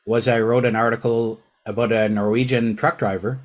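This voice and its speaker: A man hosting a podcast, relaxed and telling his own stories in a casual chat. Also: mid-range voice, normal speed. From Canada. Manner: relaxed, recounts personal stories. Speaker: podcast host.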